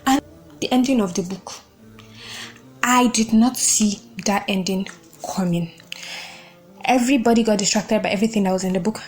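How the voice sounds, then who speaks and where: A woman's voice: medium pitch, normal speed, long pauses, faint music behind. A young woman hosting a podcast, giving a casual and emotional book review, gushing over the story.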